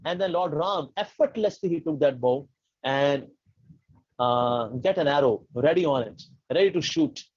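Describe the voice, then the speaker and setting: A man tells a devotional story in an animated way and acts out the voices. His voice is fairly high and husky. The recording is dull and lo-fi, in a dry room. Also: normal speed, no room sound. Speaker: devotional speaker.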